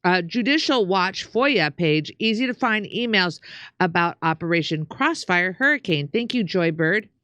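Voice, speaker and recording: A woman's voice: on the low side, lively intonation, normal speed, pushed and bright, no echo. A woman co-hosting a show, casually reading out viewer comments with some hesitation. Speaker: co-host.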